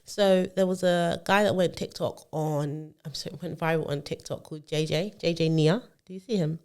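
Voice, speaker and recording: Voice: mid-range voice, steady tone, normal speed, a little mellow, smooth. A podcast co-host, telling a long story in casual chat, full of fillers and restarts.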